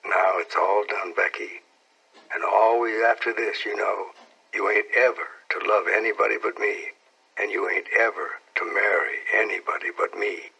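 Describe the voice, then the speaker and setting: A man's voice: lowish voice, fairly even intonation, moderate pace, vocal fry, sharp tone, breathy edge, full character voice, poor audio. A man voicing an eager young schoolboy in love, talking in an earnest, coaxing, folksy way. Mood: pleading.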